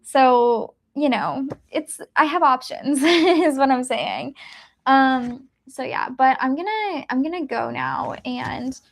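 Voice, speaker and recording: Casual book streamer, woman, high voice with vocal fry, rambling chatty delivery full of fillers. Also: slow. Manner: rambling, chatty, many fillers and little laughs. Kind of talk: casual live stream chat. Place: at home during a reading live stream.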